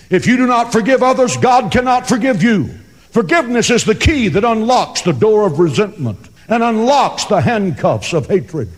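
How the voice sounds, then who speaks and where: Man, pastor, sermon, high voice, swooping pitch, emphatic, reverberant hall. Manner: emphatic, dramatic preaching with joke asides. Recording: long reverb of a large hall.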